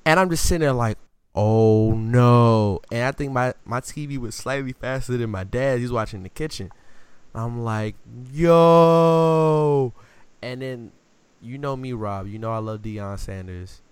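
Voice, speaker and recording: A man co-hosting a casual sports podcast, telling animated stories and acting out quotes in slang. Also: mid-range voice, normal speed, clean tone, no echo. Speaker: podcast co-host.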